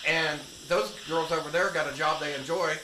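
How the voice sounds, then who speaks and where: Blunt guy rambling on talk radio, kinda high voice, echoey room w noise behind. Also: steady tone, moderate pace. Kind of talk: casual radio banter.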